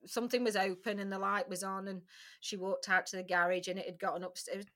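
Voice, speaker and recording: A woman's voice: mid-range voice, level tone, fast, a bit bright. A middle-aged woman, a podcast guest, recounting a personal story candidly and emotionally, with frequent restarts and occasional swearing.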